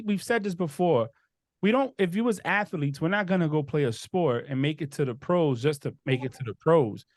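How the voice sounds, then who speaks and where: A man hosting a casual sports podcast, giving blunt, animated opinions. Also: a little high, no echo, studio quality. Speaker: podcast host.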